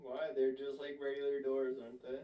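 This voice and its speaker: A man playing a tabletop game, easygoing and quick to laugh. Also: medium pitch, completely flat delivery, dark tone. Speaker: player. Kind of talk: casual tabletop game chat. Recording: roomy, off-mic.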